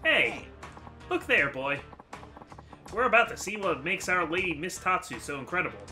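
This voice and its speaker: Chummy older informant in a game, voiced by a man; raised pitch, lively. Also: normal speed, faint music behind, full character voice. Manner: folksy, calls others "boy".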